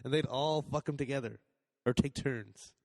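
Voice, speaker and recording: A man's voice: medium pitch, moderate pace, gravelly, darkish tone, no room sound, poor audio. A man co-hosting a podcast, making crude quips and acting out mock quotes in casual banter. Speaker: podcast co-host.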